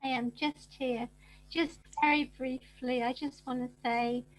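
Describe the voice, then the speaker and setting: A woman's voice: high voice, level tone, measured pace, a little mellow, low-quality recording. An older woman on a video call, emotional and gushing with thanks, laughing between words. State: emotional, near tears.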